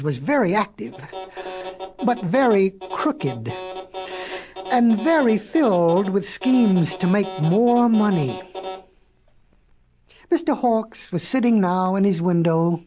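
A woman narrating a storybook in an expressive, playful way with dramatic pauses. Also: medium pitch. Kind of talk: storybook reading.

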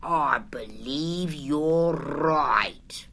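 A woman voicing a gloomy old gray male donkey in a storybook reading, talking slowly and mournfully. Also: deep voice, big pitch swings, bright, forceful tone, exaggerated voice. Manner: slow, mournful, sighing.

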